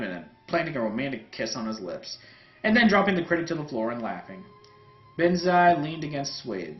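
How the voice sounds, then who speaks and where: A man hosting a comedic fanfic reading, narrating with a wry, animated delivery. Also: mid-range voice. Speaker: host. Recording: roomy, dull sound, faint music.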